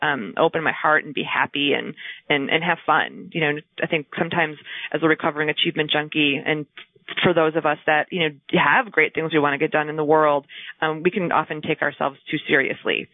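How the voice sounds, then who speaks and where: A woman's voice: deep voice, a little fast. Reflective woman author on a phone line. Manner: warm, reflective, some filler words. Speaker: guest author. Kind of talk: casual conversation. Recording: phone-like dry sound.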